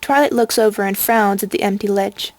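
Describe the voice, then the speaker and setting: A woman reading a storybook aloud in an even, measured way. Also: medium pitch, dry recording. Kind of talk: storybook narration.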